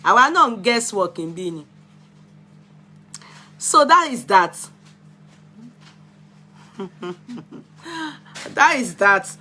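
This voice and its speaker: A woman's voice: mid-range voice, big pitch swings, takes it slowly, long pauses, bright, forceful tone. A woman with a Yoruba-inflected Nigerian accent, chatting casually on a live stream and answering viewers' comments bluntly. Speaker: vlogger reviewing films.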